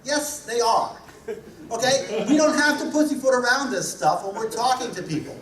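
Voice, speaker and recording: A man's voice: extremely high pitch, moderate pace, a crowd in the background. A man with a New Jersey accent giving a humorous conference talk, blunt and punchy, driving points home with repetition. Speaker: conference speaker. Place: large hall. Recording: echoey hall recorded from a distance.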